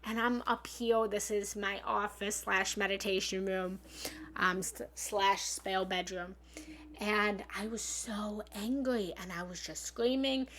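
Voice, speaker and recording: A woman with a medium, slightly bright voice and fairly even intonation talks slowly, with a little hiss or hum in the background. As a spiritual love coach live-streaming from her home office and meditation room, she offers frank, earnest encouragement, repeats affirmations, and swears now and then.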